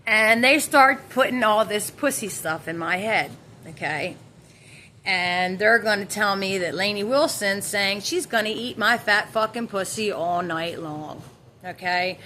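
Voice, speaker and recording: A woman's voice: mid-range voice, pushed and bright, slight background noise. A woman telling her own story in a rambling, emotional way, with many fillers and restarts. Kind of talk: rambling personal account.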